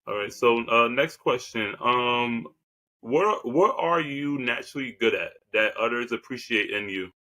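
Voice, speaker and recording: A man hosting a casual podcast, asking questions in a halting way with many fillers. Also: mid-range voice, sharp tone. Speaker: podcast host.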